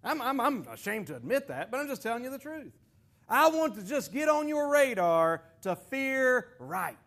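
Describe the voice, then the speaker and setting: A man preaching a sermon to a congregation in a folksy, animated way, joking asides and quoted scripture. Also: extremely high pitch, normal speed. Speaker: pastor.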